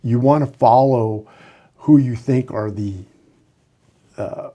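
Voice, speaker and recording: A man's voice: medium pitch, slow, warm tone, highs cut off. A man in his sixties, a retired sheriff's lieutenant, telling candid stories in a casual podcast interview with frequent fillers.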